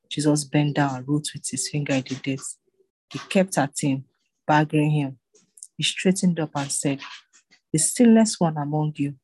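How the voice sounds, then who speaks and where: Steady husky scripture reader. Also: medium pitch, rough recording.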